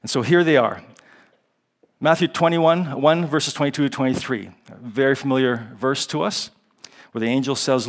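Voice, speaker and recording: A man's voice: mid-range voice, moderate pace. A man giving a chapel sermon, praying and then teaching from the Bible in a conversational way, with ums and chuckles as he explains Hebrew and Greek words. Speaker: guest chapel speaker. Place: college chapel.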